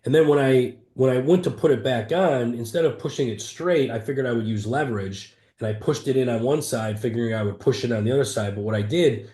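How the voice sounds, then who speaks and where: A man's voice: mid-range voice, warm tone. A man, an entrepreneur guest, candidly retelling a hard stretch of his life in an interview, earnest and emphatic with frequent restarts. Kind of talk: candid personal storytelling in an interview. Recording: roomy echo.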